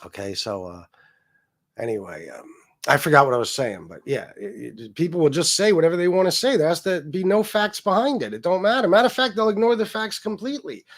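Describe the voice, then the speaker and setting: A man's voice: expressive, brisk. Profane ranting man in his forties. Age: 40s. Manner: heated, profane, jumping between loud jabs and low mutters. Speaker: livestream host. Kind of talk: profane livestream rant.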